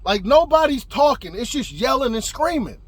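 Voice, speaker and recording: A young man telling a story in a casual, animated way, swearing and building to shouts. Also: very high-pitched, moderate pace, husky.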